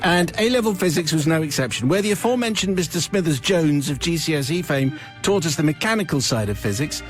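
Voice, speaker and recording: A man's voice: on the high side, lively intonation, fairly quick, soft background music. A male radio host reading out a listener's confession, with wry, playful asides.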